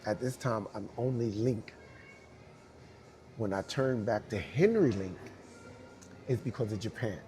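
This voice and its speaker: Animated man telling a story. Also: on the low side, measured pace, long pauses, soft background music. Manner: animated, laughing often, acts out quoted voices. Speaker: interviewee. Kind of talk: storytelling anecdote.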